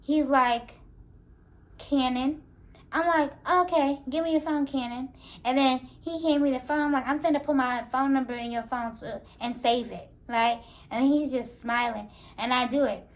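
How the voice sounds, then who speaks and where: High-voiced young woman telling a story. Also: moderate pace. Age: young adult. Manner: animated, laughing, slangy storytelling. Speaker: vlogger. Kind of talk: casual storytime.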